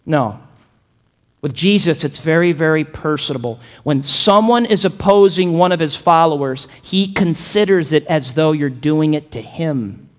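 A man's voice: a little high, moderate pace, hardly any pauses, in a large hall. A man preaching a sermon as a pastor, dynamic and emphatic, acting out quotes and building to strong peaks.

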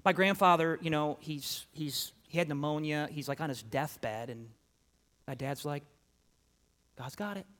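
A middle-aged man preaching a sermon, telling a personal story with animated swings from loud emphasis to quiet asides. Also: fairly high pitch, moderate pace. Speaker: pastor.

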